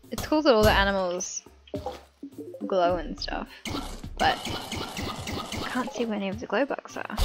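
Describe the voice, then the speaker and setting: Giggly woman chatting over a game. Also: mid-range voice. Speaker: gaming YouTuber. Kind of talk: casual let's-play commentary.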